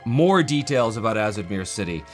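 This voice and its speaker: Excited guy flipping through a game book, lots of ums and restarts, soft music under him. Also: on the low side, normal speed. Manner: enthusiastic, rambling, many fillers and restarts. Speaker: channel host reviewing a game book. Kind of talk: casual product walkthrough.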